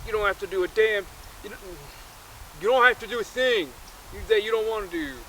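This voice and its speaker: A man's voice: high voice, brisk, sharp tone, slight background noise, voice pushed up, low-quality recording. A man voicing a blunt, stern man handing out hard advice, with stumbling restarts.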